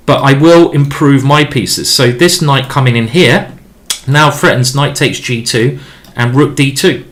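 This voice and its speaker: A man talks through his chess moves on a live stream, chatty and rambling as he thinks aloud. He restarts his sentences often and chats with the viewers between moves. His voice sits at an ordinary pitch for a man. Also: fairly bright tone. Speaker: chess grandmaster streaming a game.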